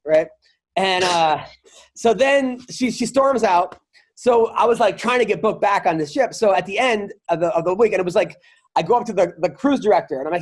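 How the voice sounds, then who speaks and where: A man from New York hosting a podcast, his voice sitting high for a man. He tells crude stories in a loose, animated way and swears freely. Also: a little fast. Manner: swears freely, animated storyteller who acts out the people in his anecdotes. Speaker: podcast host and comedian. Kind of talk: casual storytelling chat.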